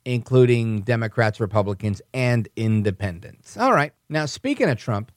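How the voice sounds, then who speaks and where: A man hosting a political podcast, talking in a calm, conversational way and correcting himself as he goes. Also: medium pitch, normal speed, no echo, clean studio sound. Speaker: podcast host. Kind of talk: political commentary monologue.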